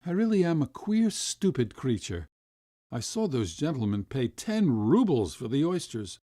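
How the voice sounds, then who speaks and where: A man's voice: medium pitch, very animated, measured pace, dark tone, no room sound, clean studio sound. A man doing a starving, ashamed father, hollow and shaking. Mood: muttering.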